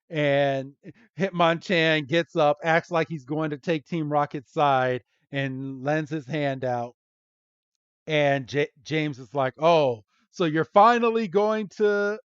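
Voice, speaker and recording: Man, podcast host, slow talker, clear smooth voice, dry dull lo-fi sound, giggly and hesitant. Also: a little high, no echo. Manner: giggly, hesitant storytelling with many ums. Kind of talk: casual chat retelling an episode.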